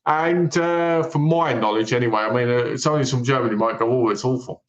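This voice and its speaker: A man's voice: medium pitch, fast, dull audio. A man, co-host of a film podcast, animatedly retelling a movie plot in casual chat and quoting its characters. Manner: animated storyteller, retells plots with quoted lines. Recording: roomy echo.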